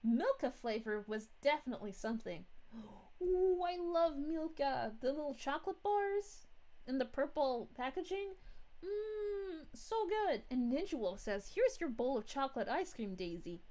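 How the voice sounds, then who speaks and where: A woman voicing a bubbly, giggly young princess while reading chat live in character, with drawn-out "ooh"s. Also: sits high, expressive, mellow. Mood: cheerful. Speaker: VTuber streamer.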